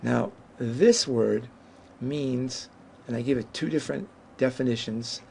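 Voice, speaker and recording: A man teaching a Hebrew lesson at a whiteboard, explaining patiently and saying each Hebrew word slowly and carefully. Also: medium pitch, vocal fry, darkish tone, slight background noise.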